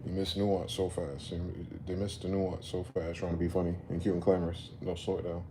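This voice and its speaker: Man, lowish voice, heated late-night rant, profane, keeps saying slow down. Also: slight background noise. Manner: animated, profane, keeps telling listeners to slow down. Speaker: commentary vlogger.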